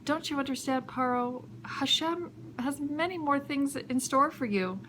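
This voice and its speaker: A patient, solemn prophet speaks low and soft, grave and earnest in every warning, as a woman storyteller puts him on. The voice is pitched down from her own, hushed and calm. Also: unhurried, background noise.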